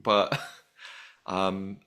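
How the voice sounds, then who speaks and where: A man's voice: sits low, little pitch movement, very slow, pushed and bright. A man hosting a podcast, chatting casually and animatedly, often laughing as he retells scenes. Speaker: podcast host. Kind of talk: casual chat recapping a reality show.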